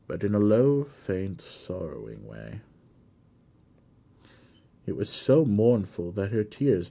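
A man reading a classic novel aloud on a live stream, in a measured storytelling manner. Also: deep voice, dark tone, husky.

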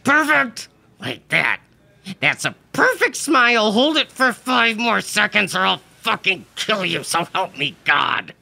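A man's voice: sits high, big pitch swings, measured pace, gravelly, bright, forceful tone, voice pushed up, heavily acted. A man voicing a violent, foul-mouthed producer over a hundred years old who screams threats in a shrieking, strained voice.

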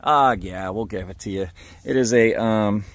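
A man's voice: lowish voice, moderate pace, no room sound. A man hosting a metal detecting vlog, narrating casually on the spot outdoors at a dig site and cheering on his friends in an upbeat way.

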